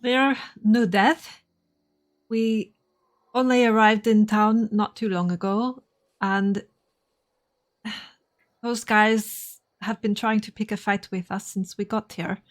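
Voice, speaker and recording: A woman's voice: mid-range voice, steady tone, takes it slowly, long pauses. A woman player in a tabletop game, speaking in character in a hesitant, explanatory way. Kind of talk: in-character tabletop role-play.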